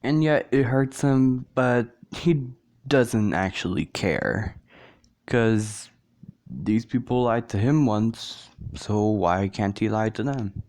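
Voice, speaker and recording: A man's voice: fairly low pitch, takes it slowly, darkish tone. A man casually narrating a fan story, rambling and correcting himself as he goes.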